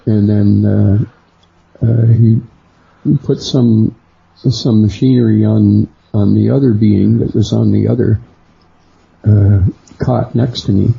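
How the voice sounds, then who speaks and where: A middle-aged man, a guest on a radio interview, slowly recounting a personal experience and lifting his voice for the people he quotes. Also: fairly even intonation, gravelly, mellow, husky. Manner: unhurried storyteller who acts out quoted voices higher. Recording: dull lo-fi sound.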